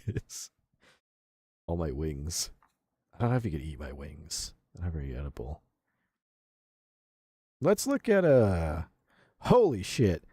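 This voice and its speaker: A young man streaming, giving casual reaction commentary, excitable and profane, laughing often. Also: on the low side, slightly rough, no room sound, studio quality.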